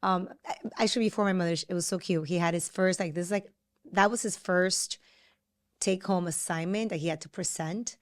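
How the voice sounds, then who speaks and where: A woman's voice: on the low side, a little fast. A woman in her thirties co-hosting a casual podcast, chatting and acting out family quotes. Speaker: podcast co-host. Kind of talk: casual chat.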